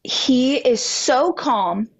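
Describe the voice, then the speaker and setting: A woman guest on a podcast telling a personal story with animated delivery, acting out dialogue with big jumps in pitch. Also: drawn-out words, breathy edge. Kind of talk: candid storytelling in a podcast interview.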